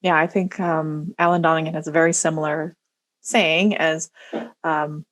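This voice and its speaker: A chatty woman co-hosting a podcast, her voice sitting a little low. She talks casually and keeps restarting her sentences as she goes. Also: moderate pace. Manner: chatty, animated, many restarts and fillers. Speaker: podcast co-host. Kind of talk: casual chat.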